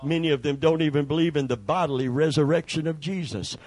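A man's voice: fast, no room sound, low-quality recording. A man preaching a sermon as a pastor, telling folksy stories, calling for amens and swelling into emphatic peaks. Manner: preaching with sudden swells in pitch and loudness; folksy storytelling with calls for amen.

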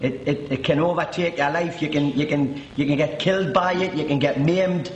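A middle-aged man with a Geordie accent tells his testimony in a chatty, joking way, stumbling into restarts as he goes. His voice sits a little high for a man. The sound rings with a roomy echo and faint background noise. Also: fairly even intonation, moderate pace, lo-fi sound. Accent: Geordie (Newcastle). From Newcastle, England. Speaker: guest giving a testimony. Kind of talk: personal testimony.

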